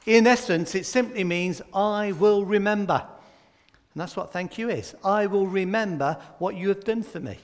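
A man with a fairly high voice leads a light-hearted children's slot in a church service. He quizzes the children by name and jokes as he goes. His voice rings out with a long reverb from the church hall. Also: normal speed. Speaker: church leader giving a children's talk. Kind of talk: playful all-age children's talk in a church service.

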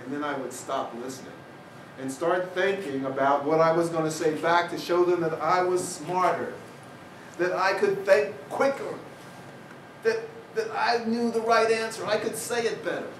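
A man's voice: sits high, normal speed. Man telling stories in a roomy hall. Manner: humorous, anecdotal, with wry asides. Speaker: guest speaker. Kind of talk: storytelling public talk. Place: university lecture hall with audience. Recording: roomy hall, distant mic, noisy.

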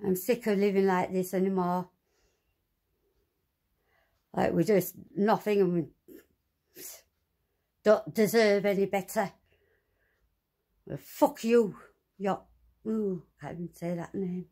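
A woman ranting angrily and swearing, talking to her viewers from inside her flat. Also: mid-range voice, unhurried, pauses often. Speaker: vlogger. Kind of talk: angry monologue to camera.

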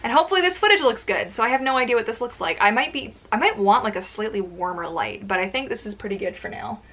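Chatting to camera in her home filming corner, a woman vlogger rambles with plenty of fillers. Her voice is a little high, a bit bright, fast and expressive.

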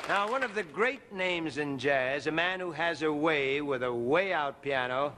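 A man hosting a 1960s variety show, briskly and graciously welcoming the audience and introducing guests. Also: a little high, animated, heavy background noise. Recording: loud studio audience applause.

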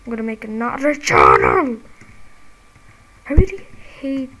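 A woman giving casual, excitable commentary while playing a game, quick to get frustrated and quick to apologize. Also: fairly high pitch, poor audio. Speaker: gamer and channel host.

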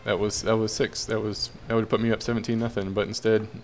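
A young gaming commentator talks fast in a fairly low, level voice while playing a football video game, with slight noise behind him. He reacts casually, cheering and groaning at each play.

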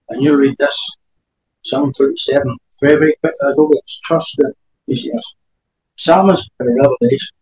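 Male preacher, sermon, reads scripture aloud, pitched a little high, roomy hall sound. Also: darkish tone. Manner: emphatic, reads scripture aloud between remarks.

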